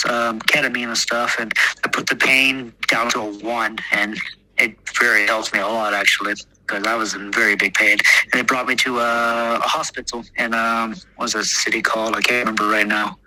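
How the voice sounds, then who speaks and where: A man's voice: medium pitch, little pitch movement, fairly quick, pushed and bright, rough recording. An American man from Texas, a podcast guest telling a story casually, rambling and swearing, laughing at his own jokes and full of fillers. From Texas, United States.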